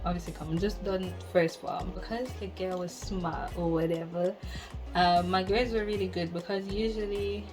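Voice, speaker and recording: Jamaican woman in her twenties, low-set voice, frank and fed-up storytime vlog, soft music underneath. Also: rough recording. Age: 20s. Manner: candid, exasperated storytelling with patois slips. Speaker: vlogger. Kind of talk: casual storytime chat. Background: soft background music.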